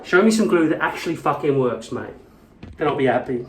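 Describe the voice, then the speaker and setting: Rambling, profane male vlogger at middle pitch, echoey small room, mic at a distance. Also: expressive, a little fast. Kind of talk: casual chat.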